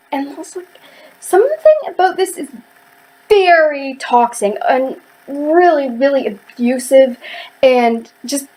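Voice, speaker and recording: A woman's voice: high-pitched, darkish tone, rough recording. A woman ranting heatedly in a casual book review, rambling with lots of fillers and restarts.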